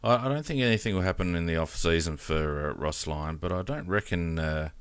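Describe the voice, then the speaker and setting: A man's voice: sits low, brisk, clean tone, dry recording. An Australian man hosting a casual sports podcast, opinionated and hesitant, with many fillers. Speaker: podcast host.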